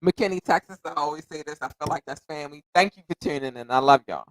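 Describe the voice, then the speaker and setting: A man's voice: a little high, quick pace, rough recording. A man hosting his own podcast in a casual solo chat, talking in an effusive, grateful way and rambling, sometimes tongue-tied. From United States. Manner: effusive and grateful, repeating thanks and shout-outs; rambling, self-correcting, occasionally tongue-tied. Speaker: podcast host.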